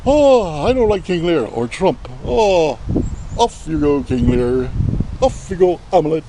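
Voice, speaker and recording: A man's voice: a little high, sing-song, slow, background noise, exaggerated voice. A man voicing a pompous older male English playwright with a put-on British accent. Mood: mock-pompous.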